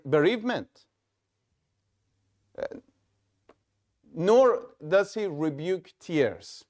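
A male pastor preaching in a fairly high voice. He speaks slowly and deliberately, pausing and restarting phrases as he goes. The delivery is measured and earnest. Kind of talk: sermon.

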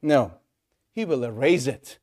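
A man's voice: mid-range voice, expressive, measured pace, a little mellow. A man preaching an evangelistic sermon in a church, urgent and pleading, with many rhetorical questions.

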